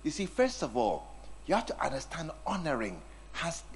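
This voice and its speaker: A man's voice: fairly high pitch, big pitch swings, normal speed, slight background noise. A man preaching a sermon, teasing and acting out scenes with his congregation. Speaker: pastor.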